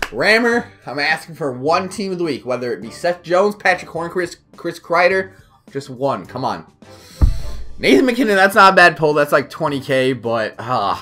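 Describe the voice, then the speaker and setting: A young man rambling excitedly through a video game pack opening, full of fillers. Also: mid-range voice. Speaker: gaming YouTuber.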